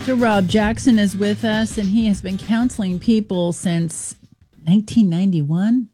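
A woman's voice: medium pitch, unhurried, mellow, faint music behind. A middle-aged woman hosting a Christian talk radio show, speaking in an earnest, conversational way. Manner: earnest, conversational, with brief laughs and restarts.

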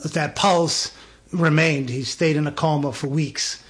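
A man's voice: on the high side, steady tone, measured pace, fairly bright tone, slightly rough. A man, a guest telling a personal story with lots of energy, stammering restarts and acted-out dialogue. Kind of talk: animated storytelling.

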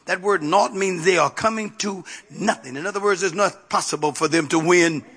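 A man's voice: high-pitched, moderate pace, a bit bright, slightly rough. A man preaching a sermon as pastor, repeating phrases and calling out to the congregation for response.

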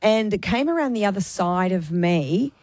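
A woman's voice: medium pitch, animated, a little slow, darkish tone, no echo, clean studio sound. An Australian woman hosting a radio show, telling a story with lots of laughter and animation. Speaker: radio host. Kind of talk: chatty radio banter. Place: radio studio.

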